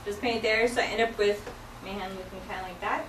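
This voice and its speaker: A woman teaches a classroom vocabulary lesson, walking through each sign patiently with frequent fillers. Her voice sits at an ordinary middle pitch. It is picked up from a distance in a roomy, echoey classroom, with faint noise behind her. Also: fairly even intonation, fast. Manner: patient, explains step by step with many fillers.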